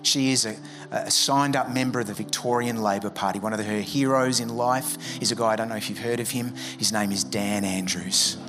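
A man's voice: on the low side, fairly even intonation, fairly quick, few pauses, music in the background. A man preaching a sermon as a pastor, conversational and joking, acting out quoted voices. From Australia.

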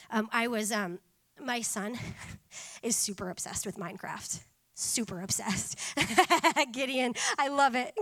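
A woman in her thirties preaching a sermon in an animated way, laughing often and breaking into lively asides. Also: a little high.

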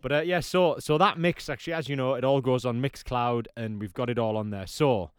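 A man's voice: mid-range voice, fairly quick, smooth, dry recording, studio quality. A man hosting an internet radio show, talking in a rambling casual way. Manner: rambling, with restarts and fillers. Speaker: radio host.

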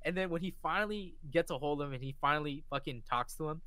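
A man co-hosting a podcast, retelling a story in casual chat with excited energy and lots of swearing. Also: on the high side, fast, hardly any pauses, no echo. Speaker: podcast co-host.

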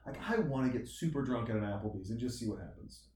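A man's voice: mid-range voice, animated, quick pace, a little mellow, a little hiss or hum. A man in his forties, chatting casually in a rambling, joking, self-mocking way. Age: 40s. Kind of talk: casual chat. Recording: echoey room, mic at a distance.

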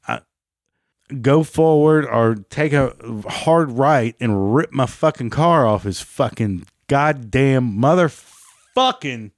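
Angry guy ranting about what happened to him, cursing nonstop, voice jumps up when he gets heated, dry close sound. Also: dry recording. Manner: heated, heavy swearing, rising pitch when agitated. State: still angry about the event. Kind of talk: angry personal storytelling.

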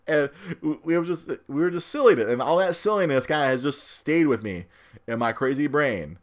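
A man's voice: on the high side, lively intonation, moderate pace. A man in his thirties, a new father, talking casually and rambling, repeating words as he goes and often laughing at himself. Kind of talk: casual chat.

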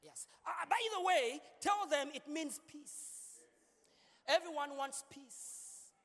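High-voiced playful male pastor. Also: slow pace, vocal fry, bright, forceful tone. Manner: playful, joking with the congregation, repeats words. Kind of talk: sermon. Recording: long hall reverb.

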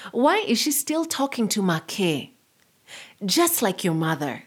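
A woman's voice: medium pitch, very animated, slow. A woman reading the part of a stern, worried middle-aged father who speaks firmly. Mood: scolding. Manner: firm, scolding.

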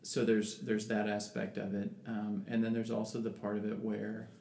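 A man's voice: fairly low pitch, monotone, normal speed, creaky, a little mellow. A man in casual religious discussion who talks thoughtfully with many restarts and reads scripture aloud. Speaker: podcast co-host. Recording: echoey room with background noise.

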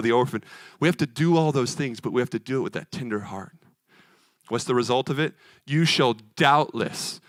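A male preacher delivers a sermon in an earnest, emphatic way, driving points home through rhythmic repetition. His voice sits at an ordinary middle pitch. The sound is close and dry, with little room echo. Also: fairly bright tone.

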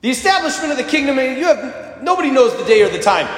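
A man voicing a calm, commanding risen teacher who reassures and gives orders. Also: very high-pitched, quick pace, pitched above the performer's own voice, exaggerated voice. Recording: echoey church with long reverb.

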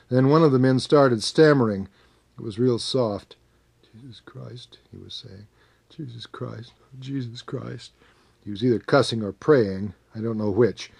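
Man, storyteller, first-person narration, measured, dramatic, mid pitch. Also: a little mellow. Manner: measured, dramatic telling that rises on tense moments.

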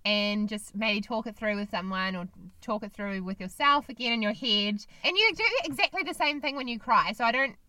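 A woman's voice: on the high side, normal speed, few pauses, pushed and bright, no echo. A woman co-hosting a casual chat podcast, talking in an earnest, reflective and opinionated way.

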